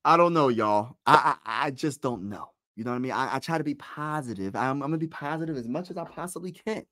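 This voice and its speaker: Excitable young fan calling a game. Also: male voice, mid-range voice, fast talker, dry recording, studio quality. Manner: excitable, pleading and groaning fan talk. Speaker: live play-by-play streamer. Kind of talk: casual fan play-by-play.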